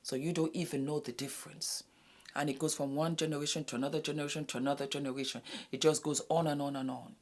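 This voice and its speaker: A woman from West Africa hosting a casual commentary video, talking earnestly to her viewers and dropping to a hushed whisper to stress a point. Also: low-pitched, fairly even intonation, fast talker. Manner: addresses viewers as "my darlings". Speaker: YouTube host.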